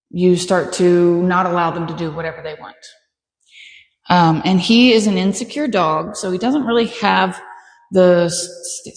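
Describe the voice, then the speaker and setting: A woman dog trainer calmly and patiently explaining her training steps as she works a dog. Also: reverberant, big-room sound. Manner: calm, patient explaining, bursts of high praise.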